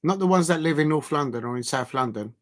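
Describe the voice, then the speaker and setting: A man hosting a live football watch-along, talking haltingly with fillers and breaking into loud emphatic outbursts at the action. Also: fairly high pitch, expressive. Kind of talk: live match reaction commentary.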